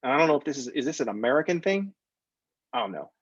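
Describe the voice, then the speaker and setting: A man's voice: mid-range voice, sing-song, fast, breathy edge, no echo, muffled recording. A man teaching a math class in a recorded lecture, talking in a conversational, jokey way that drifts off topic. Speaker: math instructor.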